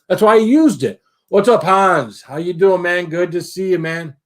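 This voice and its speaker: Middle-aged guy hosting a livestream, kinda high voice, chatty, shouting out everyone in chat. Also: normal speed. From Michigan, USA. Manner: chatty, greets viewers by name. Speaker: livestream host. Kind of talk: casual live-stream chat.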